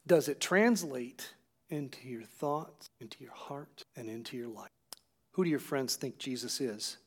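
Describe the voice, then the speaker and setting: A man preaching a sermon, retelling scripture with acted quotes and putting questions to his listeners. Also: high voice. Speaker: pastor.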